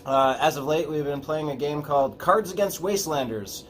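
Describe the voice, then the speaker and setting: A man's voice: on the high side, normal speed, fairly bright tone, slight background noise. A man guest on a casual livestream, laid-back and dry, with plenty of "uh"s as he explains things. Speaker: guest, co-organizer.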